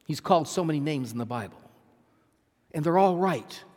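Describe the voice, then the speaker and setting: A man preaching a sermon as pastor, emphatic, repeating phrases and swinging from loud to soft. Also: fairly high pitch, lively intonation, normal speed, long reverb tail. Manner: emphatic, repeats phrases, swells and drops in volume.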